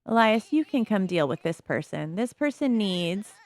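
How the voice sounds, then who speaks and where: A woman's voice: medium pitch, big pitch swings, normal speed, a little mellow. A woman giving casual, amused commentary on her life-sim game as a video host. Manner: chatty, amused, narrates the characters' thoughts.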